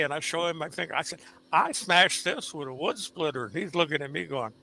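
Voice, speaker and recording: Gravelly bright man telling a story. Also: a little high, lively intonation, a little fast. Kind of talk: casual live-stream chat.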